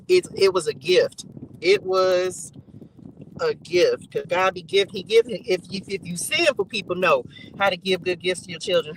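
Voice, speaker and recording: Here a man with a high-pitched, fairly bright voice reads psalms for a live chat, stressing and repeating lines with colloquial remarks in between. He streams and reads faith content online, and the poor audio has slight background noise.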